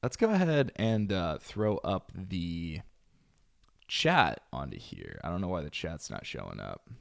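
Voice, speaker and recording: Deep gravelly streamer man. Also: big pitch swings, measured pace, a bit bright. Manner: blunt, chatty, rambling with fillers. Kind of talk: casual reaction commentary.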